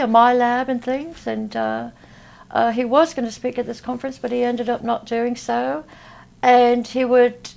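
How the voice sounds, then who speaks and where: A woman from Texas, a guest in an interview, talking in a halting way with many fillers. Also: high-pitched, creaky, darkish tone. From Texas, USA. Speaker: interview guest, spiritual healer. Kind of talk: casual interview talk. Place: at a convention.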